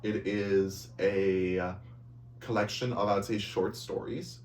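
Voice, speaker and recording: A man co-hosting a casual podcast chat, telling stories in an animated, playful way with crude jokes. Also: fairly low pitch, a little slow. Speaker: podcast co-host. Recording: echoey room from a distance, faint hum.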